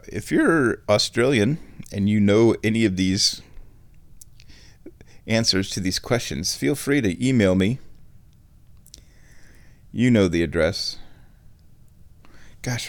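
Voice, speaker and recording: A man hosting a show on his own, thinking aloud in an excitable, self-mocking ramble. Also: on the low side. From United States. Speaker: podcast host. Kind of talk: rambling solo chat.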